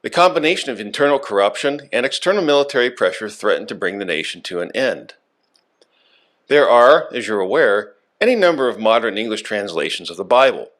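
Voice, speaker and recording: A man delivering a scripted radio lecture in a measured, emphatic way, stressing key words. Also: on the low side, sing-song, a bit bright.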